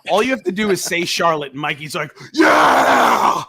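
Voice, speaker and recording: A man's voice: fairly high pitch, fast, very noisy. A man co-hosting a casual music podcast, joking and ribbing his friends. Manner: teasing, joking, animated. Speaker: co-host.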